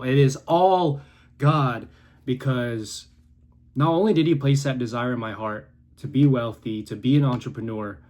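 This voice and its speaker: Passionate young man preaching to camera. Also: medium pitch. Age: 20s. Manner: intense, preachy, swings between quiet and loud. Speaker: content creator. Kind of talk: passionate motivational monologue. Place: his room.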